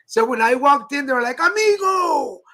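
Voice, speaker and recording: A man's voice: extremely high pitch, fairly even intonation, fast talker, sharp tone, low-quality recording. A man co-hosting a talk show, telling stories in a playful, chatty way with frequent laughs. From Mexico. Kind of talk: casual chat. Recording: live stream with faint background noise.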